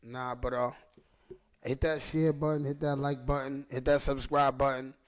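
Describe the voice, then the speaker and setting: A man's voice: medium pitch, flat delivery, normal speed. A man hosting a podcast, telling an emotional personal story in street slang and repeating phrases for emphasis, choked up at times. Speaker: podcast host.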